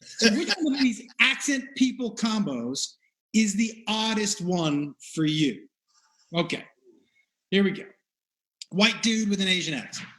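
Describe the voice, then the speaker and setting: A man with a high, bright voice runs a comedy panel game. He sounds upbeat and chuckles often as he reads out the options and hands out points. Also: animated, unhurried, long pauses. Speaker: game show host. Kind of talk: hosting a comedy panel game over video.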